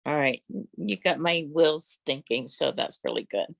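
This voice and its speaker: Low, gravelly, hesitant woman. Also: normal speed, no echo. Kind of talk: casual planning meeting.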